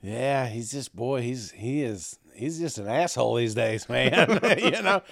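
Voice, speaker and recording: A man's voice: medium pitch, a little slow, creaky. A man co-hosting a sports podcast, teasing his partner and laughing often. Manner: teasing, laughing, good-natured. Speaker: podcast co-host. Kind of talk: casual sports chat.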